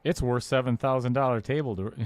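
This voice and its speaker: A man hosting casual live commentary on a pool match, chatty and quick to laugh. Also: mid-range voice, darkish tone, no echo. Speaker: pool stream commentator and host.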